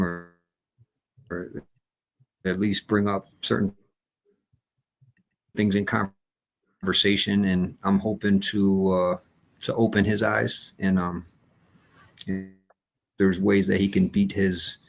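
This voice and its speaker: A male host in a casual live-show chat who talks hesitantly, with many pauses and ums. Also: on the low side, little pitch movement, vocal fry.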